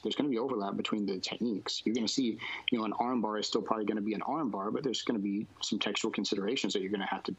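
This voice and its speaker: A man's voice: on the low side, a bit bright, highs cut off. A man, a jiu-jitsu instructor, answering interview questions casually and rambling with lots of fillers and restarts.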